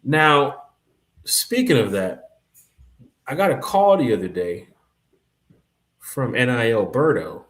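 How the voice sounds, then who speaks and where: A man co-hosting a casual sports podcast, laid-back, giving shout-outs to viewers. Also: medium pitch, expressive, slow, pauses often, echoey room. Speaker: podcast co-host.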